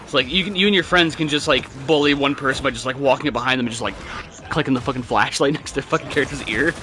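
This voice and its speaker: Bright-voiced rambling young gamer guy. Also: mid-range voice, racing, faint music behind. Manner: rambling, profane storytelling with laughs. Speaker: gamer chatting with friends. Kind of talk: casual gaming chat.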